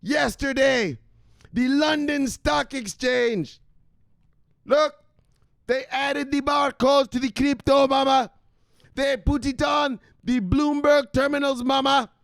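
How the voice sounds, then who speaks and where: A man putting on a frantic, over-the-top voice of a grown son shouting excitedly to his mother, in a shrill and repetitive way. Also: takes it slowly, creaky, no echo, heavily acted. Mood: ecstatic.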